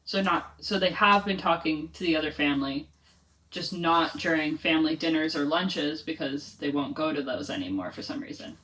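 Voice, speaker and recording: A woman's voice: deep voice, moderate pace, fairly bright tone. Chatty young woman rambling about a book. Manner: chatty, rambling, many "like" fillers. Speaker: book vlogger. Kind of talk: casual reading vlog chat. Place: home, reading in bed or on couch. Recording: voice a bit far from the mic.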